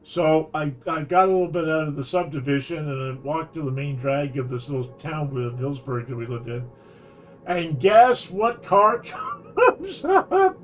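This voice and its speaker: A man's voice: on the high side, normal speed, soft background music. Rambling Canadian man telling a story. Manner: rambling, animated anecdote with restarts and laughs. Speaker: streamer. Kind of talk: casual storytelling while gaming.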